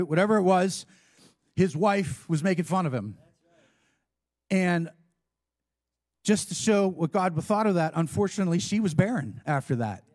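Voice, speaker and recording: With a high yet darkish voice, a male pastor preaches conversationally. He makes frequent asides and trades call-and-response with the congregation.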